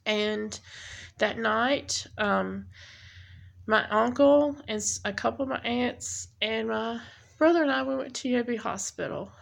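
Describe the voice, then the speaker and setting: A woman giving a personal testimony, speaking haltingly with many pauses and restarts. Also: on the high side, gravelly. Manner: halting, with frequent ums and restarts. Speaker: speaker sharing her testimony. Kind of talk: personal testimony, unscripted storytelling.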